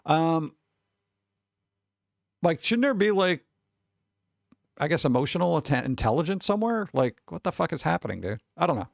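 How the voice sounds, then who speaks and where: A man's voice: fairly high pitch, sing-song, moderate pace, gravelly, pauses often, no echo. A man streamer chatting casually and rambling with his live chat, swearing freely and talking straight to his viewers.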